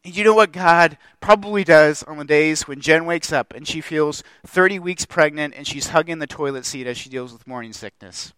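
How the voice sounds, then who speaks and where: A man's voice: a little high, moderate pace, few pauses, a bit bright, clear, resonant tone, no room sound. A young adult man preaching a sermon as pastor, impassioned and building through repeated phrases.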